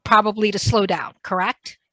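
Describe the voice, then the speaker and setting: Chatty fast-talking New York woman, bright. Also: mid-range voice, fairly even intonation, dry recording. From New York / New Jersey area. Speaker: podcast host. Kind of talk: casual podcast interview.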